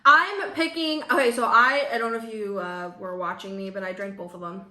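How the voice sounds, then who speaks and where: A woman's voice: mid-range voice, fairly even intonation, a little fast, sharp tone. A young woman hosting a casual wine-tasting video, chatting and reading labels aloud. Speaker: vlogger host. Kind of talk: casual chat. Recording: echoey room.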